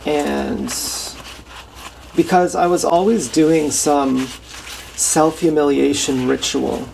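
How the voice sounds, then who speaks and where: A slow, halting vlogger with a gravelly, creaky voice who sounds unsure and sighs often. The talk is casual and rambling, recorded at a kitchen sink with a loud running tap and clattering dishes right behind it. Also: medium pitch, steady tone, background noise. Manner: unsure, sighing, halting delivery. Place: home kitchen, washing dishes.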